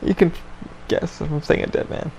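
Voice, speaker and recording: A male podcast host tells a story in a relaxed chat, swearing a lot and rambling loosely. He speaks at a moderate pace with a slightly mellow voice. The recording is rough, with a bit of hiss or hum.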